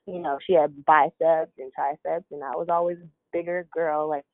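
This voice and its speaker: A woman's voice: deep voice, normal speed, no room sound. Woman wrestler telling stories over a phone line. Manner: animated, laughs often, acts out quotes. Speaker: guest, independent wrestler. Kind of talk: casual interview storytelling. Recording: dry narrow phone-like line.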